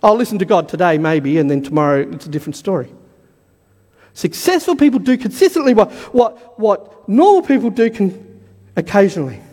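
A man preaching a sermon with fervour, repeating key lines and building to shouts, his voice going hoarse. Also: high voice, very animated, a little fast, long reverb tail.

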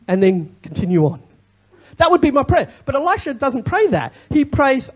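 A pastor preaching a sermon in an animated way, with joking asides and repeated key phrases. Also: sits high, a little fast.

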